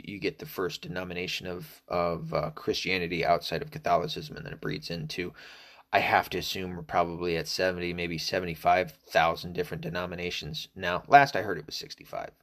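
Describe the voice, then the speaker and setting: A man's voice: low voice, fairly bright tone. A middle-aged man from the South, talking in a casual, profane, rambling monologue full of fillers. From American South. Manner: profane, digressive, many fillers. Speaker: solo talker.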